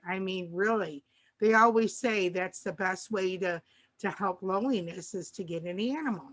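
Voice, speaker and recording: A woman's voice: medium pitch, moderate pace. Chatty grandmotherly woman, rambling. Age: older. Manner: rambling, warm, restarts often and acts out dialogue. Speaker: co-host. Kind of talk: casual chat.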